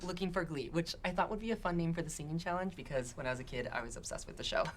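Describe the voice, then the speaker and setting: An actress playing an excitable teenage girl who hosts a musical game in a TV series, bubbly and enthusiastic. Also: on the low side, racing, a little hiss or hum, close to an everyday voice. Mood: eager.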